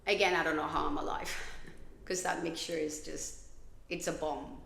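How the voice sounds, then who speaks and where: Podcast host: a woman from Colombia, low gravelly voice, blunt and confessional, recorded in an echoey room. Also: fairly even intonation, normal speed, fairly bright tone, a little hiss or hum. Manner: candid, blunt, swears freely. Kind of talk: confessional personal monologue.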